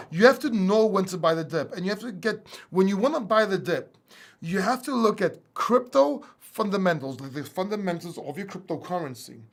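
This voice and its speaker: A man hosting a casual livestream Q&A, animated and blunt, firing off rhetorical questions and mocking what he dislikes. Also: high-pitched. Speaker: crypto channel host.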